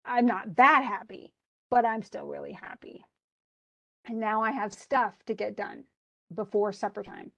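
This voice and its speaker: A woman's voice: mid-range voice, unhurried, creaky, bright, forceful tone, highs cut off, heavily acted. A woman voicing an aging male sorcerer, wistful about losing his daughter.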